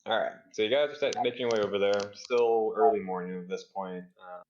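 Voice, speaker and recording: A man's voice: on the low side, steady tone, a little fast, darkish tone, muffled recording, slight background noise. A man running a tabletop game as game master, with laid-back, hesitant narration over a voice call.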